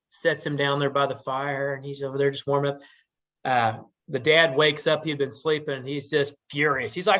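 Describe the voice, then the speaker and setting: A man telling a traditional story casually at a community meeting, relaxed and animated. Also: a little high.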